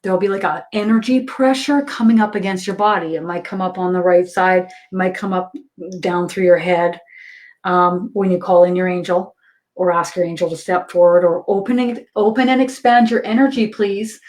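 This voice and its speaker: A woman's voice: on the low side, fairly even intonation, normal speed, darkish tone. A woman working as a psychic medium, talking casually on a livestream with lots of fillers and easy laughter. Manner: chatty, laughs often, many fillers.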